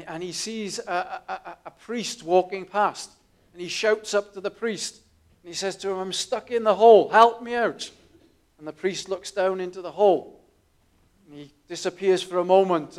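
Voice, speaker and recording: A man preaching a sermon, telling stories in a quiet, earnest way with small restarts. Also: a little high.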